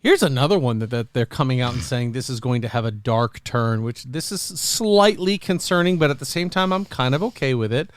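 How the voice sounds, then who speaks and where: A man's voice: medium pitch, smooth, no echo. A man hosting a podcast in casual chat, rambling and jokey, often acting out quotes in silly voices. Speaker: podcast host.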